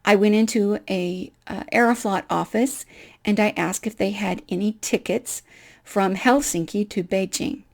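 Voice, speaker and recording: A middle-aged woman telling a personal faith story in an animated, self-deprecating way, acting out the dialogue. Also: medium pitch, unhurried, vocal fry. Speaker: speaker.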